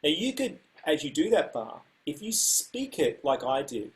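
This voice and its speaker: A man's voice: on the high side, sing-song, a little slow. Man scatting rhythms as a music teacher. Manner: scats rhythms on repeated syllables, loud and soft. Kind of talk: casual instructional talk.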